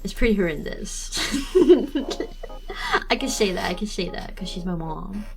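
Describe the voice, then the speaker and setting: A woman's voice: mid-range voice, normal speed, creaky, soft background music. A young woman streamer chatting casually while she draws, rambling and teasing, laughing often. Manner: teasing, snarky.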